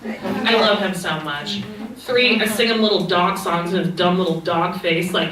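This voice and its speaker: A young woman comedian tells stories in a dry, wry stand-up manner. She is recorded from across an echoing club room, with steady noise in the background. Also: medium pitch, normal speed. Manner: deadpan, wry storytelling. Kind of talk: stand-up set. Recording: echoey club sound from far off, noisy.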